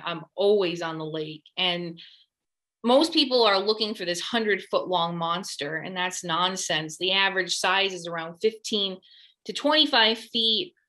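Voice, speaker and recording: A woman researching a lake monster, telling her story in an interview in a lively way and often quoting herself. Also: on the low side. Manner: animated, quotes herself mid-story.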